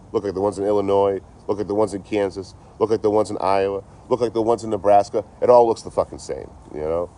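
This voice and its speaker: A traveling livestreamer from the Boston area chats outdoors behind a store, his voice on the low side with a dark tone. Laid-back and rambling, he swears freely as vehicles pass faintly in the background.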